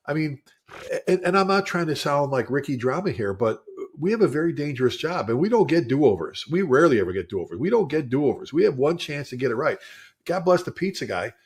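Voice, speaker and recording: A man co-hosting a fire service podcast, telling stories emphatically and repeating key phrases to drive them home. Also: medium pitch. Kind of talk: conversational podcast talk.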